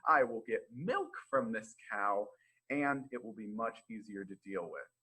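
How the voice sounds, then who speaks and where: A man's voice: on the low side, very animated, a little slow, sharp tone, slightly rough, exaggerated voice, low-quality recording. A man voicing a simple, easily pleased young man who talks to himself in delight during a children's storytime read-aloud. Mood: cheerful.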